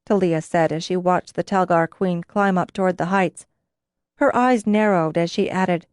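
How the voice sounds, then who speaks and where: A woman's voice: fairly low pitch, steady tone, normal speed, darkish tone, no room sound, studio quality. Woman narrating a fantasy audiobook.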